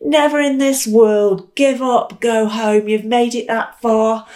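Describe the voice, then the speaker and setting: A woman's voice: a little high, fairly even intonation, takes it slowly, darkish tone. A woman voicing jeering toads that coax a climbing frog to give up, in a taunting, coaxing tone.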